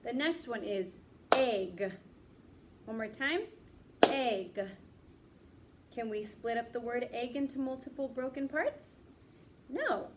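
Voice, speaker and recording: Young woman, teacher, slow, patient, encouraging, slightly high voice. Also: animated, background noise. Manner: patient, encouraging, stretches out words. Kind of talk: slow, clear lesson for young children.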